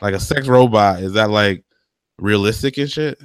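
A man's voice: on the low side, clear, resonant tone, dry recording. A young man co-hosting a casual chat podcast, slangy and profane, often drawing out his words. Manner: slangy, profane, drawn-out delivery. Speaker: podcast co-host.

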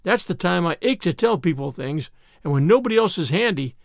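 A man's voice: high-pitched, animated, fairly quick, vocal fry, dry recording, studio quality. A man reading the part of an eager, earnest little boy with polite, old-fashioned speech.

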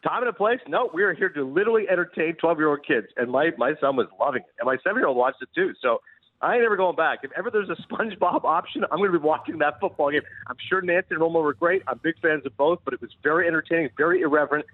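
A Canadian-born man, a guest sports broadcaster, telling stories in an animated, quick way on a casual sports radio show. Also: a little high, no room sound. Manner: animated storyteller, quick, laughs often. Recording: tinny phone-line remote audio.

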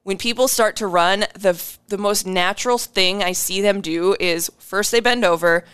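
A woman co-hosting a casual fitness chat, blunt and animated, swearing freely as she gives coaching advice. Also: mid-range voice, normal speed, clean tone.

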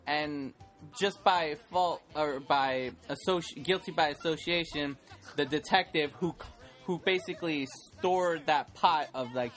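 A man's voice: a little high, a bit bright. A man co-hosting a movie podcast, teasing his co-host and rambling with many fillers. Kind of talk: casual movie podcast chat.

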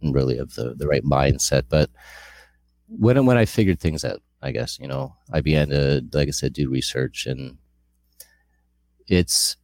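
Super deep voiced guy, middle aged, rambling earnest testimony, dry sound. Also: darkish tone, no echo. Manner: earnest, rambling, with frequent restarts. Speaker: guest sharing personal testimony. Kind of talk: candid personal testimony.

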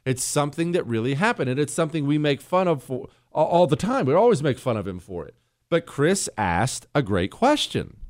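On his talk radio show, a man delivers an opinionated monologue, blunt and sarcastic with strong emphasis. His voice is a little high and sing-song, fairly quick, recorded at studio quality with no echo.

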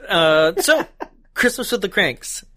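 Laughing, joking podcast host, fairly high voice. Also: male voice, animated, slow pace, sharp tone, no echo, clean studio sound. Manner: laughs often, loose and joking. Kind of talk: casual podcast chat.

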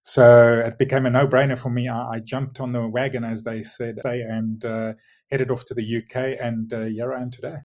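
A middle-aged man with a South African accent, speaking as a guest on a remote interview and explaining things in a measured way. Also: medium pitch, flat delivery, darkish tone. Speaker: guest, logistics executive.

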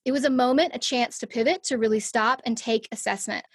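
A woman's voice: a little high, brisk, slightly rough, no room sound, studio quality. A middle-aged woman, a podcast guest, telling a personal story in a conversational interview and acting out her own thoughts.

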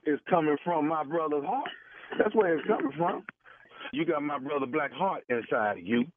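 A man's voice: on the high side, lively intonation, normal speed, background noise. A man making a prank phone call, posing as a grieving brother, pushy and repeating himself with stammering restarts. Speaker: prank caller. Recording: tinny phone line, dry.

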